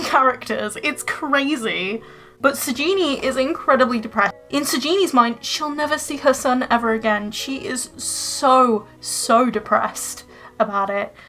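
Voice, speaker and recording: A woman's voice: high-pitched, unhurried, fairly bright tone, faint music behind. A young woman giving chatty, emotional commentary over gameplay, gasping and exclaiming as she plays. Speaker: Sims let's play creator.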